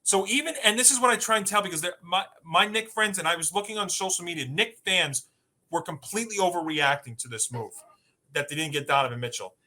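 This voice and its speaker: Bright, emphatic male sports podcast host. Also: high voice, quick pace. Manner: emphatic, rattles off lists. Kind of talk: sports talk debate.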